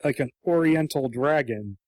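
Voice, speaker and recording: Higher-voiced male podcast co-host, animated and jokey, dry close sound. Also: moderate pace, no echo. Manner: animated, acts out quotes in comic voices. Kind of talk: casual podcast chat.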